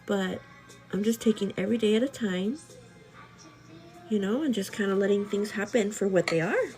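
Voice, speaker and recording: A woman's voice: medium pitch, normal speed, a little mellow, faint music behind. A woman vlogger chatting casually to her viewers during a live get-ready show. She laughs often, leans on "like", and calls the viewer "girl". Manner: laughs often while talking; speaks earnestly about faith and gratitude. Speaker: beauty and lifestyle vlogger.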